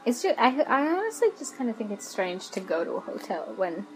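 A woman's voice: on the high side, sing-song, brisk, soft background music, rough recording. A woman co-hosting a podcast in casual chat, frank and wry, often poking fun at herself. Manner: frank, wry, self-deprecating. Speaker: podcast co-host. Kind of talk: casual chat recapping a TV episode.

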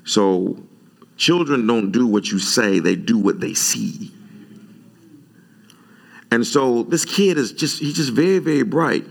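Male pastor, gravelly mid-pitched voice, conversational preaching that leaps up for emphasis. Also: takes it slowly, long pauses. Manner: animated preaching, sudden loud pitch jumps when retelling his own words. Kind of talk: sermon.

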